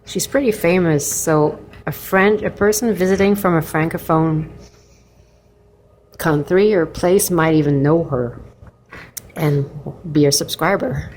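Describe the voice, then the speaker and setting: A woman's voice: deep voice, unhurried, long pauses, a little mellow. A woman vlogging from a hostel in a chatty, rambling way with laughing asides, while she is sick. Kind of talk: casual vlog chat. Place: hostel kitchen and common room.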